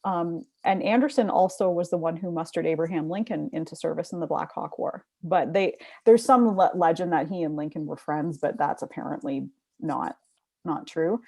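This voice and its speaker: A woman with a Canadian accent co-hosting a casual history chat, blunt and quick to swear. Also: low voice, creaky, darkish tone. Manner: blunt, swears freely, self-mocking. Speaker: podcast co-host.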